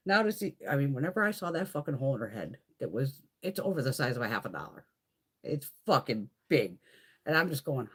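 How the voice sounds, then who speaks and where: A woman's voice: low-pitched, big pitch swings, fairly quick, slightly rough. A woman casually chatting on a live beauty stream, rambling and swearing a lot. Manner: chatty, laughs often.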